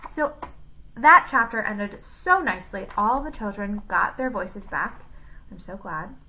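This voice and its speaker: A woman teacher reading a chapter book aloud to children in an expressive, encouraging way. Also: medium pitch, measured pace, poor audio.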